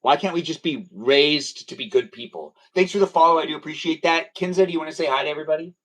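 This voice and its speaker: A man's voice: on the high side, fast talker, a bit bright. A man hosting a casual live stream, chatty and welcoming, rambling a little as he talks with guests. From Armenian heritage.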